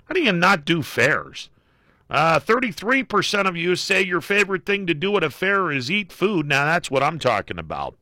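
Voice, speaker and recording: A man's voice: on the high side, sing-song, normal speed, bright, forceful tone. A middle-aged man hosting a call-in radio show, joking wryly and leaning on fillers as he reads poll results. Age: middle-aged or older. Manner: wry, joking, with frequent fillers. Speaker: radio talk show host. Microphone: studio microphone.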